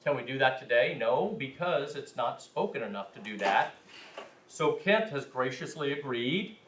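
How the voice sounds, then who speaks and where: A man with a mid-range, fairly bright voice rambles through a language class lecture, putting himself down and restarting often. The room echoes and the mic sits far away.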